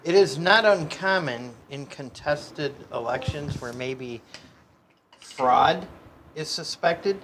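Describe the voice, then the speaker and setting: A male co-host on a political talk show who explains his points in a measured way. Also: a little high, fairly bright tone, slight background noise.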